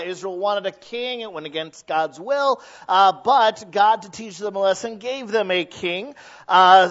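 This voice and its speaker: A man's voice: sits high, fairly bright tone, highs cut off. A man teaching a Bible study, reading scripture aloud and adding casual asides with frequent "uh" fillers.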